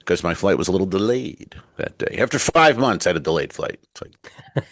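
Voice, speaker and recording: Low-voiced man spinning profane comic stories. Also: sing-song, fairly quick, no echo. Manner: rambling, profane storyteller who acts out quotes. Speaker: stand-up comedian and podcast co-host. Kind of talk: casual comedic chat. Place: cruise ship cabin.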